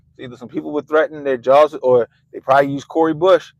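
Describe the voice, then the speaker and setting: A man hosting a livestream, ranting casually and swearing constantly, swinging between loud outbursts and low mutters. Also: fairly even intonation, quick pace, gravelly, dry recording, low-quality recording. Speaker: livestream host. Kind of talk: profane casual rant. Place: Baltimore.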